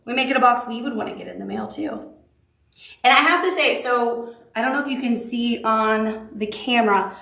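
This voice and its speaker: A woman's voice: a little high, moderate pace, gravelly, bright, forceful tone, roomy sound, recorded from a distance. A woman with a Southern accent leads a live quilting tutorial, chatty and upbeat, with cute little asides. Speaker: quilting instructor.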